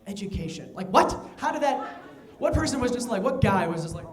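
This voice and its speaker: A young man performs a stand-up set in a conversational style, tossing off quick asides. His voice sits high, and the room around him rings with echo. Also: very animated. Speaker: stand-up comedian. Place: comedy venue with live audience.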